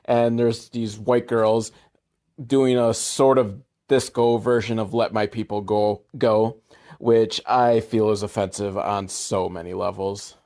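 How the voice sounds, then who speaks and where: A man giving a sarcastic, irreverent comedic recap of a movie, with deadpan asides and sudden jumps in pitch for emphasis. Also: slow pace.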